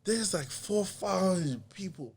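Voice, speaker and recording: Podcast guest, male, slightly high voice, lively anecdote teller who mimics the people in his story. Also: slow pace, noisy background. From United States. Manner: animated, acts out other people's lines, laughs often. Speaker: podcast guest, artist and comedian. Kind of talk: casual storytelling.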